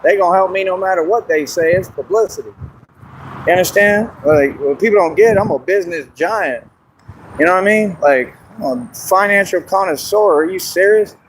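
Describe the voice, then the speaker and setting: A man chatting casually and boastfully on an outdoor livestream, laughing often and going hoarse. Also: high voice, normal speed, a little hiss or hum, rough recording. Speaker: street performer in costume. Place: outdoors in a park.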